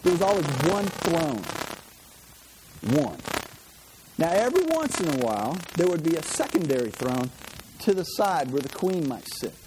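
High-voiced pastor preaching conversationally. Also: male voice, normal speed, pauses often, background noise. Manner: conversational, animated, with frequent restarts. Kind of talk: sermon.

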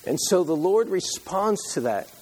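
A man's voice: high voice, big pitch swings, measured pace, slightly rough. A man preaching a sermon, reading scripture aloud and retelling it with passion, pleading at times and dropping to a near whisper at others. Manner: impassioned, pleading when voicing Moses, dropping to a hush.

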